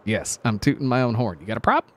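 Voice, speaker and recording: A young man streaming a game, chatting casually and goofily, his voice a little rough from sickness and lack of sleep. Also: medium pitch, fast. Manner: animated, excitable, goofy. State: slightly sick, sleep-deprived voice. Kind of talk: casual live-stream chat.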